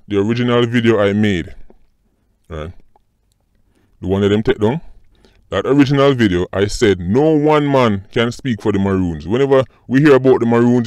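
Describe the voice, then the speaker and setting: Casting: Jamaican man, low-pitched vlog host, mocking and animated, dry close sound. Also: no room sound. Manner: animated, mocking, repeats "people" and "right". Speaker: commentary channel host. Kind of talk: casual commentary vlog.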